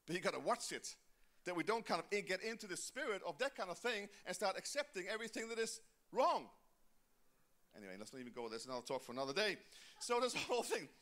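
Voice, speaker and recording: High, bright-voiced preacher man exhorting. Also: animated, fast. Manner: exhorting the congregation, calls for responses; swings between loud emphasis and quiet asides. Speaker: pastor. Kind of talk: sermon. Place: church.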